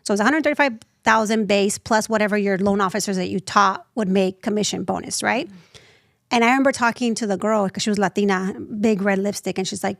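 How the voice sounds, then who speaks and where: A woman in her thirties, a nonprofit founder telling her story as an interview guest, lively and acting out the voices she quotes. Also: medium pitch, fast, gravelly, no room sound, studio quality. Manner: animated, acts out quoted voices.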